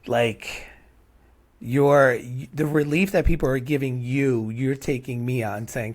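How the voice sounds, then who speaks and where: A middle-aged man hosts a heartfelt podcast chat. He rambles through long stories and tags nearly every thought with "right?". His voice sits at an ordinary pitch. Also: a little slow. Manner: rambling, repeats "right?" often. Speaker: podcast host. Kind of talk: casual heartfelt conversation.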